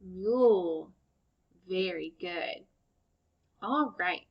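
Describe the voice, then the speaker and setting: A woman teaching young children phonics, sounding out words slowly and clearly and praising them warmly. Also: lowish voice, lively intonation, dull audio. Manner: slow, clear sound-by-sound modeling, encouraging.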